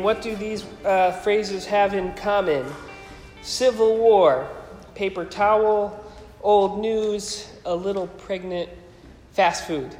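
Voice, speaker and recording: A man's voice: sits high, steady tone, slow pace, a little mellow, echoey room, big-room sound, faint music behind, poor audio. A man preaching a sermon as pastor, casual and conversational, with frequent ums and restarts.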